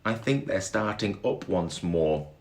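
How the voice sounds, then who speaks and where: A man's voice: sits low, animated, a little slow, darkish tone, echoey room, voice pushed up. A man voicing an anxious young child who pleads nervously. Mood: worried.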